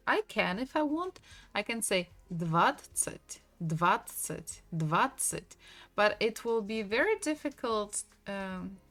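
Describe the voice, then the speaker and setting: A woman teaching a language lesson, patiently repeating each word slowly for her students. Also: medium pitch.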